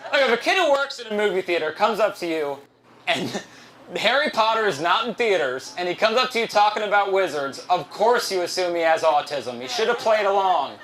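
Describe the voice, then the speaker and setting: Young male comic, stand-up set, bright forceful tone, rambling and profane. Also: sits high, lively intonation, a little fast. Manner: rambling, profane storytelling, laughing at own jokes. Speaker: stand-up comedian. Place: live comedy show at a restaurant venue.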